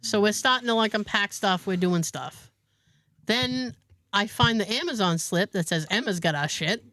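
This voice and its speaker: A woman's voice: mid-range voice, normal speed, dry recording. Chatty woman telling a story. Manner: animated storyteller, laughs often. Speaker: podcast host. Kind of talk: casual chat.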